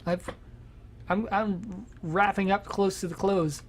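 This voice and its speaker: Animated podcast co-host. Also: medium pitch, slow, a little hiss or hum. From United States. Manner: animated, swears freely. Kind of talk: casual gaming chat.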